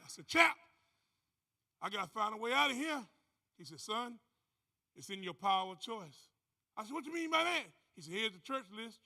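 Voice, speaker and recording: A man giving an animated motivational testimony on a conference stage. He tells his story as a storyteller, acting out other people's voices and whooping. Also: very high voice, vocal fry. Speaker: conference speaker. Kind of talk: motivational testimony to a live audience.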